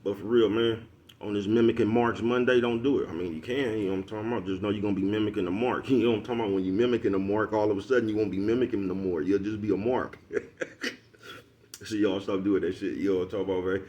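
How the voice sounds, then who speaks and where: A man's voice: on the low side, fairly even intonation, quick pace, warm tone. A man talking casually to his followers in a loose street-slang monologue, laughing often and asking "you know what I'm talking about" again and again. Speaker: vlogger.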